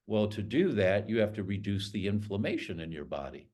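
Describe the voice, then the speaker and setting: Animated man, lively pitch. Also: fairly quick, hardly any pauses. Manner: animated, emphatic storyteller. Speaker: guest doctor. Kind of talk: podcast interview.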